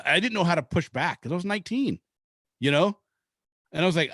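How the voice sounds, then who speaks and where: A man's voice: fairly high pitch, lively intonation, fairly quick, long pauses, a bit bright, no room sound, clean studio sound. A man from Seattle telling a long rambling story in casual podcast chat, swearing freely. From Seattle, Washington. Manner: rambling, profane, laid-back storyteller. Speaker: podcast host.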